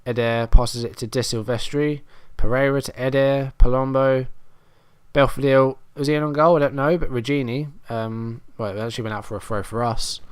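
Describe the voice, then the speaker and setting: This gaming commentator's mid-range voice stays fairly even in intonation as he speaks at a moderate pace. He mutters commentary over his football management game and becomes exasperated as his team struggles. The tone is clean, with no room sound.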